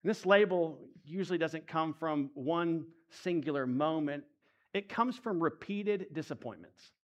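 A man preaching a sermon, moving between hushed, intimate lines and emphatic rises. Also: on the high side, unhurried, dull audio. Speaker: pastor.

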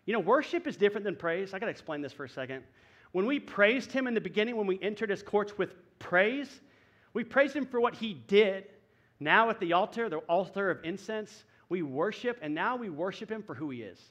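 A man's voice: high voice, expressive, fairly quick, fairly bright tone. A male pastor, preaching a sermon in a conversational way with folksy asides to his church.

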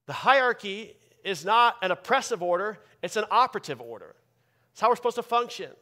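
Bright-voiced preaching pastor. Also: male voice, high-pitched, animated, a little fast. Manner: emphatic preaching, swinging from loud bursts to quiet asides. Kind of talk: sermon.

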